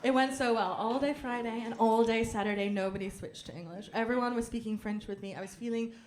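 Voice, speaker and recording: A young woman works the crowd during a fast-paced stand-up set, holding a mic on a comedy club stage. She keeps things deadpan and dry, then occasionally bursts into shrill, loud fake-French dramatics.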